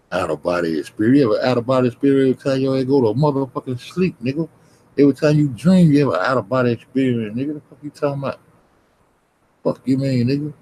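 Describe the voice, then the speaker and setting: A man's voice: mid-range voice, darkish tone, slight background noise, poor audio. A man livestreaming, ranting at his chat in a confrontational, heavily cursing, repetitive way. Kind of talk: profane rant at chat.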